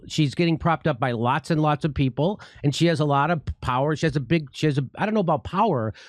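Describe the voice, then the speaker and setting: A man talking through current events in a loose, conversational style that keeps stalling and restarting. His voice sits a little higher than usual for a man. The recording is dry and close, with no room sound. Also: dry recording. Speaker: commentator. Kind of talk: casual commentary.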